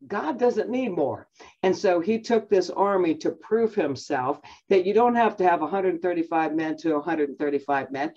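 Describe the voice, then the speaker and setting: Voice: medium pitch, normal speed, darkish tone, dull audio. A Bible teacher giving a conversational lesson, talking in a chatty way with many fillers and self-restarts.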